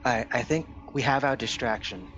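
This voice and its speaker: A man playing a tabletop game casually, thinking aloud with hesitant pauses. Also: medium pitch, fairly bright tone, lo-fi sound, faint music behind. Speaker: player.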